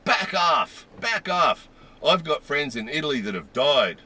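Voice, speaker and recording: A man's voice: big pitch swings, a little slow, husky, full character voice. Man putting on a shrieking, panicking angry woman. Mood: furious. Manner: yelling, shrill.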